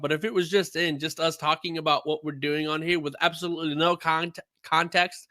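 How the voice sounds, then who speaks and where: A man's voice: fairly high pitch, steady tone, a little fast, pushed and bright, no echo, studio quality. A man co-hosting a gaming podcast, joking and teasing in casual chat and reading the show's scripted introduction. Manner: laughing, teasing banter. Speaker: podcast co-host. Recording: podcast with music playing behind.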